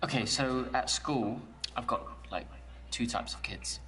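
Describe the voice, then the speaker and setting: A man's voice: mid-range voice, a little slow. An actor playing a shy, mild-mannered male schoolteacher on a blind date, talking hesitantly with little stammers. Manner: hesitant, soft-spoken, stammering. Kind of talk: dating game dialogue. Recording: distant game audio with faint music.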